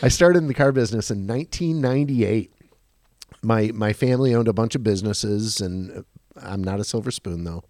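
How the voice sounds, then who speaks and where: A man's voice: normal speed, no room sound, clean studio sound. A man in his forties telling stories from his car sales career on a podcast, with lots of restarts and quoted voices. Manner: animated storyteller, many restarts, acts out quotes in a higher voice. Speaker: car dealership guest. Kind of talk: podcast storytelling.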